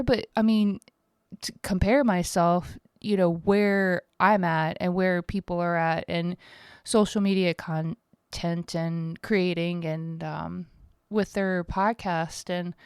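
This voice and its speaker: A woman's voice: fairly low pitch, darkish tone, clear, resonant tone, dry recording, studio quality. A woman in her thirties hosting a casual solo podcast from home, tired, rambling and candid, swearing freely. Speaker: podcast host.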